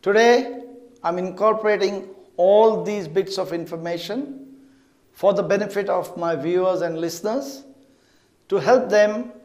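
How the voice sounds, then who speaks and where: A middle-aged man teaching about mantra chanting in a measured, deliberate way. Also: high-pitched, darkish tone. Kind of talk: slow explanatory teaching.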